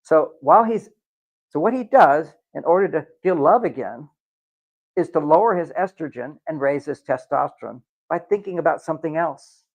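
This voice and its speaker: Gravelly man lecturing a live audience. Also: on the high side, normal speed, dull audio. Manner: lecturing, acts out quoted voices with lively swings. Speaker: workshop speaker.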